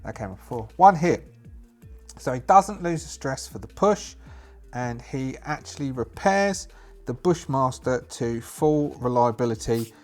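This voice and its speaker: A man's voice: mid-range voice, animated, unhurried, a little mellow, faint music behind. Man thinking aloud over a solo tabletop game. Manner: musing, thinking aloud with fillers.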